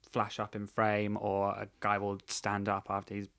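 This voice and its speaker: A man talking casually and thoughtfully about a film, with frequent pauses and fillers. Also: lowish voice, monotone, gravelly, fairly bright tone, rough recording. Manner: thoughtful, hesitant, many fillers.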